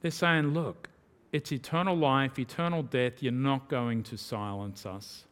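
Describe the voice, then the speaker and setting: A man's voice: mid-range voice, unhurried. A man preaching a sermon and retelling a Bible story, acting out the voices of the people in it. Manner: animated storytelling, acting out voices of biblical figures.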